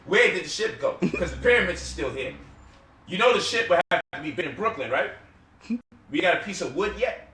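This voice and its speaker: A man delivers an impassioned lecture-style talk, peppered with rhetorical questions and mocking quotes. His voice is bright and fairly high. He sounds some way from the mic in an echoey room. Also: animated, fairly quick, far from the mic, a little hiss or hum. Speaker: guest speaker.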